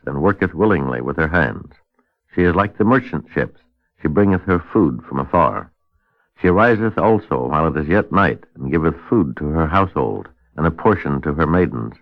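A man with a very deep voice hosts a radio discussion, reading a scripture passage in a measured, old-fashioned cadence. The old radio recording sounds dull and dry.

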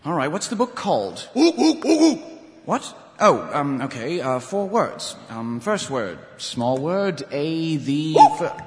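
A man's voice: a little high, big pitch swings, slow, long reverb tail. An actor playing an earnest young watchman who stammers and guesses aloud. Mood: eager.

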